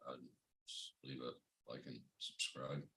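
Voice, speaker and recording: A man with a very deep voice chats on a livestream and laughs easily. His talk is loose and joking, with a relaxed, unhurried feel. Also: vocal fry. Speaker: livestream co-host. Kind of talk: casual chat.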